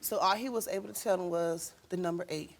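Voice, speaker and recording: A woman talk show guest, telling an emotional story and acting out quotes with sudden loud, high outbursts. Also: fairly quick.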